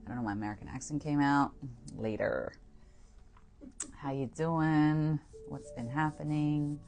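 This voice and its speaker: A woman hosting a meditation live stream, chatting in a relaxed way and laughing often, recorded on a tablet. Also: deep voice, moderate pace. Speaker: meditation host. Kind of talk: casual live-stream chat. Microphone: tablet microphone.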